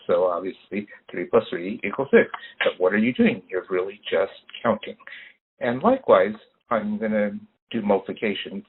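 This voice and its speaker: A man explains math in a relaxed, conversational way, often pausing on ums. His voice sits a little low but swings lively up and down. It comes through a tinny, phone-like video call line with faint noise behind. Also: gravelly. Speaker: engineer giving a STEM talk. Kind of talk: casual online presentation.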